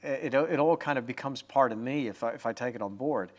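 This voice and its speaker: A man's voice: medium pitch, fairly quick. A man in his forties hosting a livestream, painting while chatting upbeat and answering viewer comments.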